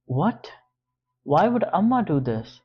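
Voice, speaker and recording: Tense young college woman, urgent and defensive, voiced by a man well above his own pitch, slightly muffled audio. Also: big pitch swings, slow pace, breathy edge, heavily acted. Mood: pleading.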